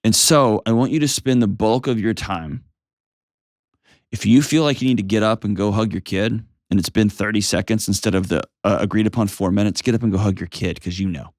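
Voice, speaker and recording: A man in his forties hosting a call-in advice show, calm, reassuring and emphatic as he coaches a caller. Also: lowish voice, a little fast, dry recording, clean studio sound. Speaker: host.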